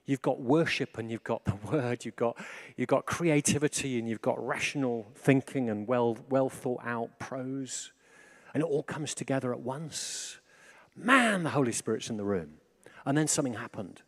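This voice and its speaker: A man preaching in a relaxed, conversational way. His delivery is animated, dropping to a hush and then lifting with excitement. His voice sits at a middle pitch. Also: moderate pace. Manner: animated, swings between hushed and excited. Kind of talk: informal sermon.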